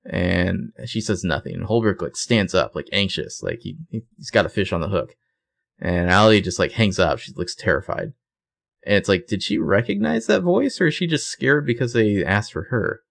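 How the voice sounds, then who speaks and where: Gravelly, a bit bright, and expressive, this man's low voice moves at a normal speed. He co-hosts a podcast, casually recapping a TV episode scene by scene with plenty of fillers and self-corrections.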